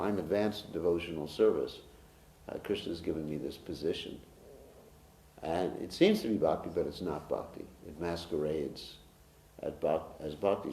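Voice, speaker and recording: Male monk, scripture lecture, lively intonation, echoey temple hall. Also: low-pitched, gravelly. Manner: humorous, self-mocking, teases the audience. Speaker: monk giving a scripture class. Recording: echoey room.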